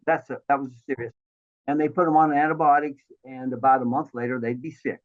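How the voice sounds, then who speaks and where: A man in his sixties telling his life story as an interview guest, animated and acting out the voices of the people he quotes. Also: medium pitch, fairly quick. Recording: thin phone-like line.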